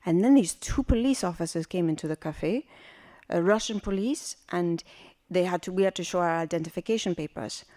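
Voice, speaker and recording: A woman from West Berlin performing a personal story live, in an animated, vivid and playful way. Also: lowish voice, brisk. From West Berlin, Germany.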